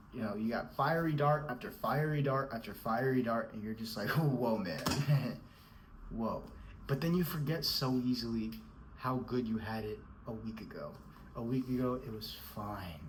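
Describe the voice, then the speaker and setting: A man's voice: mid-range voice, normal speed, slight background noise, rough recording. A man giving a scolding, emphatic motivational rant, repeating himself and calling the listener bro. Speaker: motivational speaker.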